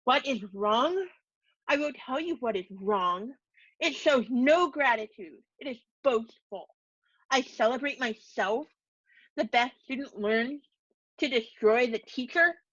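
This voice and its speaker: A woman voicing an angry Dominican immigrant father who speaks broken English, slow and clipped in his fury. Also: a little high, lively intonation, a bit bright, no room sound, dull audio. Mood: furious.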